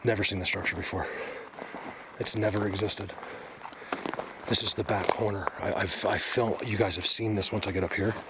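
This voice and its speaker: A low-voiced man talks to his viewers while exploring the woods, keeping his voice hushed and then bursting into excited remarks. He often slips into a whisper, and the outdoor recording carries clear background noise. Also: normal speed. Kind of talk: casual narration to camera.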